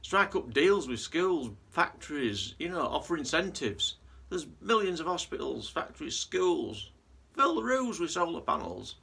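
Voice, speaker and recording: Bright-voiced man rambling earnestly. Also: a little high, sing-song, a little slow, gravelly, hardly any pauses, husky. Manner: earnest, rambling with many restarts. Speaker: vlogger. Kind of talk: casual monologue to camera.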